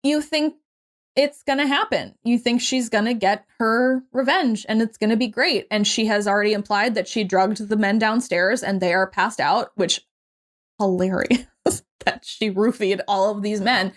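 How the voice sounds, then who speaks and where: A young adult woman co-hosting a podcast, casually recapping a movie with lively quoted voices and the odd swear word. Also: mid-range voice, moderate pace. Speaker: podcast co-host.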